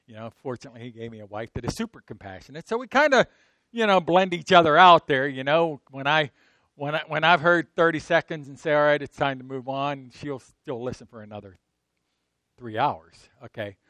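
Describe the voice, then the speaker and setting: A middle-aged male pastor preaching in a chatty, conversational way. His voice sits a little high for a man and is recorded dry and close. He jumps between loud, emphatic bursts and quiet asides, tossing rhetorical questions at the congregation. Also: animated, brisk, no echo. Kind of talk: sermon.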